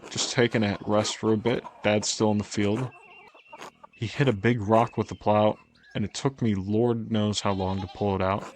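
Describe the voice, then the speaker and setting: A man's voice: on the low side, flat delivery, moderate pace, slight background noise, close to an everyday voice. A man reading the lines of a friendly young male farmer's son in a video game, plainly.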